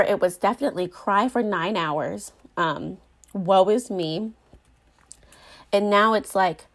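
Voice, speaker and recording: A young adult woman shares her thoughts in a relaxed, heartfelt monologue. She talks earnestly and loosely, circling back on herself with plenty of fillers. Her voice sits at an ordinary middle pitch. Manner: earnest, rambling, many "like" and "um" fillers. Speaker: Christian speaker sharing faith reflections.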